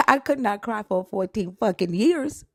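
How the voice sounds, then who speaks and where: A woman's voice: medium pitch, very animated, measured pace, dry recording, clean studio sound. A woman speaking as a live stream guest, telling a personal story in a blunt, emotional, rambling way and swearing freely. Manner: rambling with restarts and quoted outbursts.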